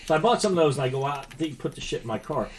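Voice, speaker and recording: A man's voice: fairly high pitch, lively intonation, rapid-fire, over a noisy crowd. An older man co-hosting a podcast, telling rambling stories in casual chat with crude jokes and frequent laughter. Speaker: podcast co-host.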